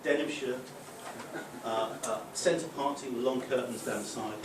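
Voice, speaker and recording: A man's voice: medium pitch, normal speed, reverberant. Young man from Newcastle with a faint Geordie accent, doing stand-up and ribbing the crowd; picked up from far back in a noisy club room. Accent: mild Geordie, mostly softened. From Newcastle, England. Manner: chatty, crowd-teasing, sweary, says "right?" a lot. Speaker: stand-up comedian. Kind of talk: stand-up comedy. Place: small club function room with audience.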